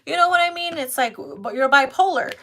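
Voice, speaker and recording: A woman's voice: sits high, fairly quick, sharp tone. A woman giving a casual tarot card reading who talks straight to her viewers, blunt and full of swearing. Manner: profane, blunt and emphatic. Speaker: tarot reader.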